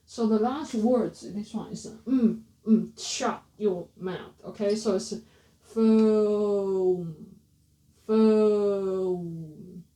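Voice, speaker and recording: A woman with a dark, mellow voice gives a relaxed pronunciation lesson, drawing each word out very slowly. She repeats sounds again and again and corrects herself. The mic sits a little back in a roomy space. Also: mid-range voice. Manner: repeats words slowly, self-correcting and chatty. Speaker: English pronunciation teacher. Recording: roomy, slightly distant mic.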